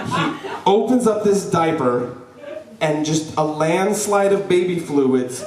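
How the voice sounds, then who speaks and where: A young man telling a personal story live before an audience, lively and joking, with frequent "right?" asides to the crowd. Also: on the high side, slow. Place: event hall before an audience. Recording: roomy hall, voice from a distance.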